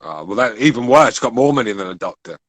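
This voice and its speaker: A man's voice: on the low side, lively intonation, fast, fairly bright tone, no echo. A man with an English accent on a boxing podcast, chatting casually and rambling with restarts and swearing. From England. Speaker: podcast panelist. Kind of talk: casual chat.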